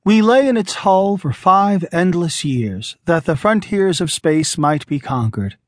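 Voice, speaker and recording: A man's voice: sits high, unhurried, dry recording, clean studio sound. A man doing an earnest pleading scientist. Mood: impassioned. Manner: calm, controlled, then impassioned. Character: earnest composed male scientist pleading his case.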